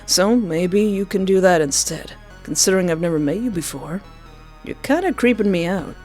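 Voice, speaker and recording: A woman's voice: on the low side, lively intonation, darkish tone, faint music behind, close to an everyday voice. A woman doing a cold, aloof stranger. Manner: cold, slow and dismissive. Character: cool, aloof stranger leaning on a house.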